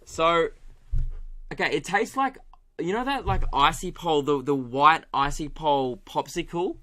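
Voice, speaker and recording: A young Australian man hosting a solo comedy podcast, animated, swearing and laughing as he tells stories. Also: a little high, measured pace. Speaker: podcast host.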